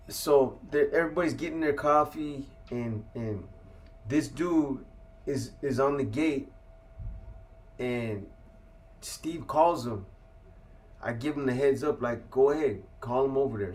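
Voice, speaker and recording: As an interview guest, a California man tells a story casually in laid-back street slang, swearing plenty. His voice sits at a medium pitch.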